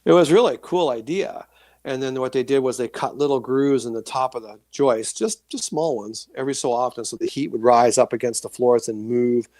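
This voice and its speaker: With a medium-pitched, gravelly, creaky voice and a fairly quick pace, a male guest author recounts paranormal experiences in a casual interview. His relaxed, animated anecdotes ramble, with many fillers and restarts. The recording is close and dry, without echo or room sound.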